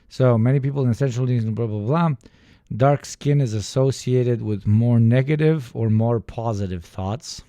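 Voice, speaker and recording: A man's voice: mid-range voice, measured pace, pauses often, warm tone, dry recording, studio quality. A young man from the former Yugoslavia giving a casual, profane, ranting reaction commentary and mimicking other people. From former Yugoslavia, Balkans. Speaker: reaction streamer.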